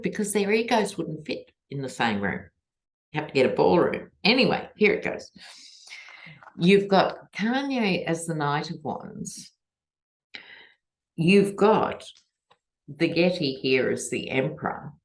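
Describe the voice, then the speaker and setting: A woman with an Australian accent doing a tarot reading and talking to camera in a chatty, digressive, wry way. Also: deep voice. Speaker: tarot reader and political commentator. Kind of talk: casual chat to camera.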